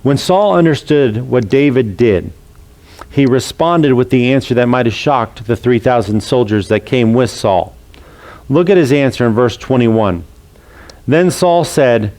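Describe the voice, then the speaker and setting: A man preaching a sermon who retells a scripture story and acts out its characters' voices in a lively way. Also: medium pitch, a little slow. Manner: storytelling, acting out quoted voices. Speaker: pastor.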